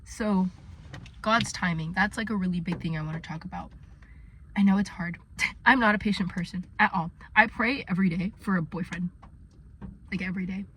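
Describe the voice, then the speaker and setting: A woman's voice: lowish voice, moderate pace, pauses often, fairly bright tone, a little hiss or hum. Young woman chatting in her car, earnest, lots of "like"s, casual vlog talk. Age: young adult. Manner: chatty, earnest, many fillers. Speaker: vlogger.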